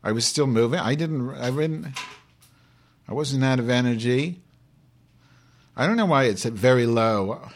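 A man's voice: mid-range voice, a little slow, pauses often, natural voice. A man playing a brash, foul-mouthed Jewish woman who hosts a live online show, ranting and rambling in improvised comedy. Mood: grumbling. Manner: profane, abrasive, rambling rants.

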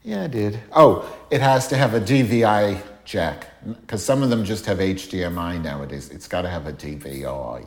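Deadpan male livestream host with a lower voice: profane, rambling, thanks donors by name. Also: moderate pace. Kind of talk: rambling live-stream chat.

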